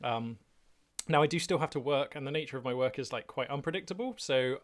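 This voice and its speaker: A man's voice: medium pitch, a little fast. A man hosting his gaming channel, talking off the cuff from his home hobby room in a loose, rambling way full of ums and restarts. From England. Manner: rambling, many fillers and restarts, chatty. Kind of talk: casual unscripted monologue. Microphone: webcam setup.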